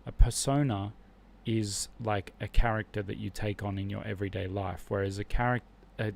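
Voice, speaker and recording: An Australian man chats casually on his livestream in a fairly deep voice. He muses aloud as he works through flashcards, and a faint background hiss sits under his voice. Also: steady tone, normal speed, vocal fry. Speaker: livestream host learning Spanish.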